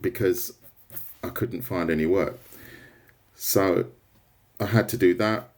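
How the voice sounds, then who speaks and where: Chatty man, lowish voice. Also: slow, darkish tone. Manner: rambling, chatty, answers viewer comments. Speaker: artist livestreamer. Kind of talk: casual livestream chat while drawing.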